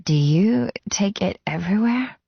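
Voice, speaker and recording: A fiery, petulant young woman in love speaks raised and breathless, incredulous, as a male narrator puts her on. The read is unhurried and dry, with a dull, lo-fi sound. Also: high-pitched, expressive, vocal fry, husky, dry recording, voice pushed up, exaggerated voice. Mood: flustered.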